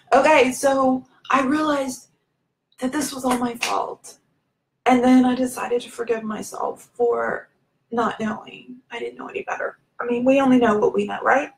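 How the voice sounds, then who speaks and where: A woman speaking as a spiritual self-help figure gives her viewers a candid, confessional talk on a live video, addressing them directly. She is informal and full of fillers and restarts, her voice a little high, and the recording is low quality.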